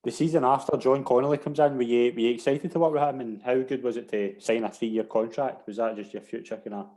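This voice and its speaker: A man's voice: mid-range voice, fairly even intonation, fast, warm tone. A Scottish man hosting an interview podcast, asking a former player about his career. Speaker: podcast host. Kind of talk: interview questions.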